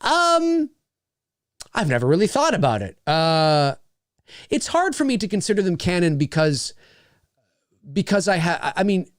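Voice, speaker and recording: A man's voice: sits high, big pitch swings, a little slow, long pauses, no echo, clean studio sound. A man hosting a casual livestream, rambling enthusiastically and swearing freely as he reads viewer messages. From Canada. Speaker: livestream host.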